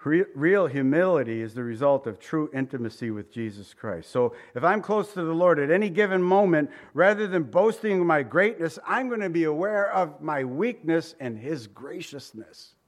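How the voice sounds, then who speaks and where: Animated male pastor preaching. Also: a little high, moderate pace, few pauses. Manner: conversational, animated, asks the congregation questions. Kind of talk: expository sermon.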